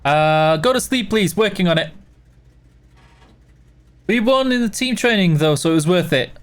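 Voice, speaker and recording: Speaking at a moderate pace with a high voice and lively intonation, a man runs a gaming livestream while clearly tired and yawning. He voices viewers' chat questions and replies in a loose, casual way, peppered with fillers.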